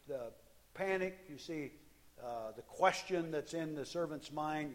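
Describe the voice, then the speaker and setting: Earnest male preacher, slightly high voice. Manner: earnest preaching with frequent restarts and uh fillers, acts out quoted cries. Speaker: pastor. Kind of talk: sermon.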